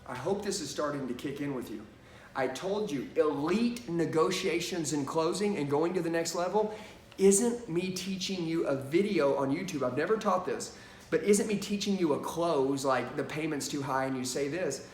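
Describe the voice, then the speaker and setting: A man's voice: on the high side, animated, moderate pace, a little hiss or hum. A man teaching a sales lesson, emphatic and punchy, often asking "okay?" and saying "watch this". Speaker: sales trainer. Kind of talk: energetic sales training lesson. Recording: echoey room from a distance.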